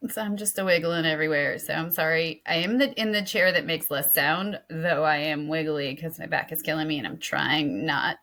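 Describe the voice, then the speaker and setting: A woman's voice: low-pitched, moderate pace, hardly any pauses, fairly bright tone. A middle-aged woman co-hosting a podcast in casual chat, talking in a rambling way and often restarting mid-sentence. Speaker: podcast co-host.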